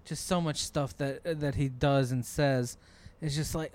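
A man's voice: medium pitch, fairly even intonation, measured pace, darkish tone. A man co-hosting a podcast, laid-back and swearing casually. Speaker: podcast co-host.

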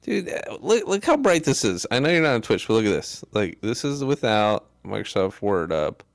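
A man co-hosting a gaming podcast in casual chat, playful and animated, often trailing off and restarting mid-sentence. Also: lowish voice, moderate pace, vocal fry, no echo, studio quality. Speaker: podcast co-host.

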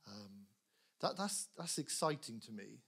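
A man preaching earnestly to a church congregation, animated, with laughs and quick asides. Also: mid-range voice, gravelly, slightly rough. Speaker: pastor appealing for prayer. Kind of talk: sermon.

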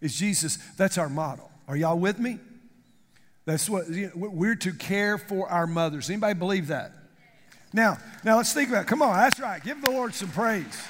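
A man with a drawl preaches in a high, lively voice, calling out to his congregation. The sound rings with a long hall reverb. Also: moderate pace. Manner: animated preaching, calls to the congregation. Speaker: pastor. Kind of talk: sermon.

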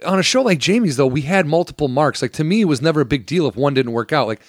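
Guy on a podcast, lively up and down voice, dry close mic, swears and laughs a lot. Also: on the high side, quick pace, dry recording. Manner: animated, swearing, laughs while telling stories. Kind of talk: casual storytelling chat.

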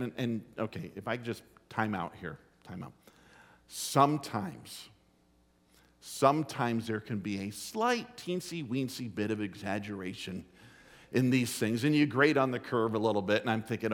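A middle-aged man preaching a sermon as pastor, telling a folksy story with emphatic, drawn-out phrasing. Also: mid-range voice, lively intonation. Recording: long hall reverb.

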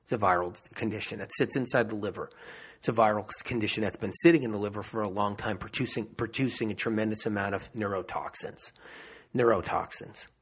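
A man's voice: fairly low pitch, fairly quick, a bit bright, slightly rough. A man giving an emphatic health monologue, repeating phrases for emphasis and restarting often. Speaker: health speaker. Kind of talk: impassioned monologue.

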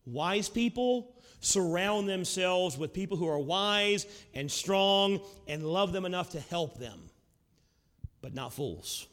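High-voiced preacher in a reverberant hall. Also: male voice, animated, slow. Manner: earnest preaching, swinging between loud emphatic lines and low quiet drops; asks the audience rhetorical questions. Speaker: pastor. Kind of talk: sermon.

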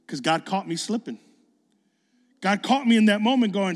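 Animated male preacher in an echoing hall. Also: sits high, brisk, soft background music. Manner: animated, acts out dialogue, builds to excited bursts. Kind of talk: sermon storytelling.

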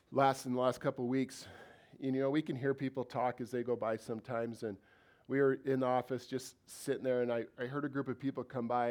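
A man preaching a sermon as pastor of a church, talking in a conversational way and asking the congregation many questions. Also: medium pitch.

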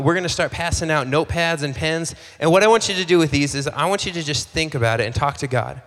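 A man preaching a sermon as a pastor, in a relaxed, conversational way, acting out little bits of dialogue and often repeating phrases. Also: a little high, in a large hall. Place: church hall.

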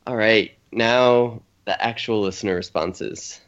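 A man's voice: lowish voice, a little slow, a bit bright, clear, resonant tone. Guy cohost reading listener questions, teasing, mock offended, dull lo-fi audio. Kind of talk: casual chat.

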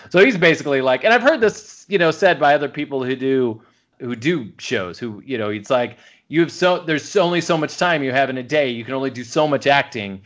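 A man's voice: mid-range voice, animated, brisk, fairly bright tone. A man co-hosting a casual podcast chat, rambling along with lots of filler words. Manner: rambling, full of "you know" fillers. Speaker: podcast co-host.

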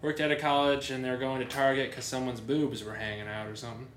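A man's voice: mid-range voice, little pitch movement, quick pace, a bit bright, a little hiss or hum. Joking male podcast host, echoey room. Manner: joking, laughs easily. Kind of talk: casual podcast chat. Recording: echoey room, faint music.

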